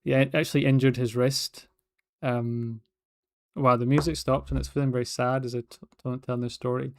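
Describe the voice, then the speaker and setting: A man's voice: medium pitch, level tone, a little fast, a little mellow, dry recording, studio quality. Chatty Scottish man, rambling aloud. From Scotland. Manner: rambling, chatty, restarts a lot. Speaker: artist livestreaming. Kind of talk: casual livestream chat.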